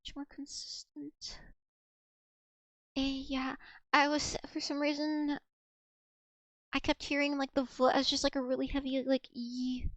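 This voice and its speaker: A woman's voice: high-pitched, little pitch movement, normal speed, no room sound, highs cut off. A young woman streaming casually, chatty and giggly, rambling through stories as she talks to her chat. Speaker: streamer learning Russian.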